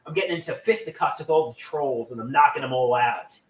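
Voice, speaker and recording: A man's voice: mid-range voice, fairly quick. A man hosting a live stream, chatting casually with viewers in a playful, teasing way. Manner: playful, teasing banter with chat trolls. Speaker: livestream host. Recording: roomy echo, distant from the mic.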